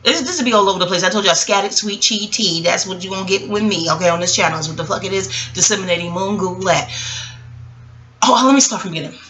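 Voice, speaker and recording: A woman giving a casual, rambling recap of a TV show. She is profane, animated and keeps digressing. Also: medium pitch, fast, a little hiss or hum, poor audio. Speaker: YouTube TV reviewer.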